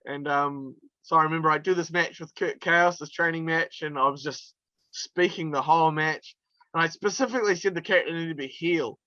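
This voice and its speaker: Chatty New man, bright voice. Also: fairly high pitch, a little fast, no room sound, dull audio. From New Zealand. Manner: chatty, laughs through anecdotes, many fillers. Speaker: interview guest, wrestler. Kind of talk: casual storytelling interview.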